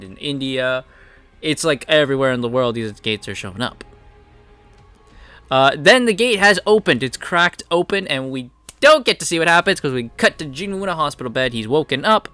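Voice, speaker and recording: A man's voice: mid-range voice, pushed and bright, no echo. A man casually recapping and reviewing comic chapters, rambling along with plenty of "like" and "you know".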